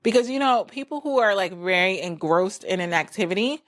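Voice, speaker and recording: Casting note: woman host, casual solo talk, mid-pitched, chatty and filler-heavy, slips into quoted voices. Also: expressive, brisk. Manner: chatty, frequent "like" fillers, acts out quoted people. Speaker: podcast host.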